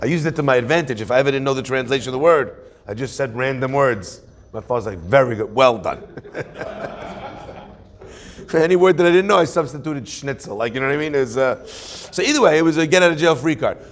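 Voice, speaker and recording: A man, a rabbi giving a weekly Torah class, telling stories in an animated way and acting out quoted voices. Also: medium pitch, quick pace.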